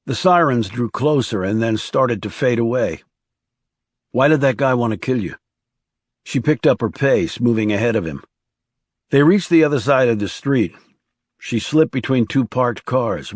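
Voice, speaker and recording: A man reading a crime thriller audiobook aloud in a low, hushed storytelling delivery. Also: lively intonation, normal speed, husky, dry recording, clean studio sound. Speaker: audiobook narrator. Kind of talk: scripted narration.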